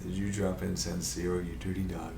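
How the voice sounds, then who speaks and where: A man's voice: low voice, flat delivery, brisk, creaky, distant mic. A man co-hosting a podcast in casual chat, with short, playful reactions. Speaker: podcast co-host. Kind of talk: casual chat, quiz game. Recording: echoey room with background noise.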